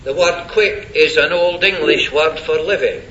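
A man preaching an expository sermon verse by verse, deliberate and stressing key words. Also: fairly high pitch, a bit bright, muffled recording, slight background noise.

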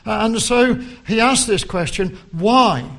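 Slow, high-voiced male preacher. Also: lively intonation. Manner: slow and deliberate, quoting scripture with rising emphasis. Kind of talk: sermon.

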